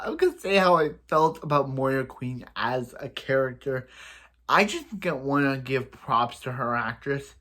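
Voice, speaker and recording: A man's voice: mid-range voice, lively intonation, a little slow, pushed and bright. A young man talks through a TV episode in a loose, rambling recap, circling back over the same points. He breaks into playful sound effects and repeats phrases for emphasis, like a reviewer chatting straight to his viewers.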